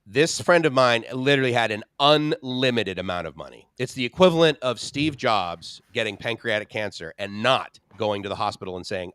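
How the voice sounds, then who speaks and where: A man's voice: lowish voice, expressive, a little fast, a bit bright, clear, resonant tone, no room sound. Emphatic storytelling man, dry sound. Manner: emphatic, piles up repeated phrases and lists. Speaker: live stream co-host. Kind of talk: casual chat, personal storytelling.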